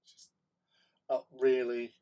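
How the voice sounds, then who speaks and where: A man's voice: mid-range voice, completely flat delivery, takes it slowly, smooth, highs cut off. A man hosting a hobby livestream, chatting casually in a rambling, self-mocking way. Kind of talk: casual chat.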